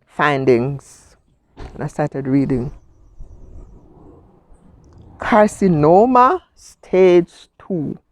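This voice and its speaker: A woman's voice: low voice, sing-song, extremely slow, long pauses, muffled recording. A middle-aged woman telling her personal story as an interview guest, heartfelt and emotional, acting out what she said at the time. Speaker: guest, cancer survivor. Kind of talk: personal testimony.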